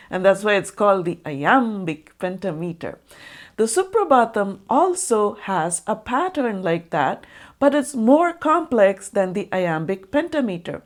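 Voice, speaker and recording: A woman narrating a scripted music lesson, explaining clearly and slowly and speaking rhythm patterns aloud as demonstrations. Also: medium pitch, expressive.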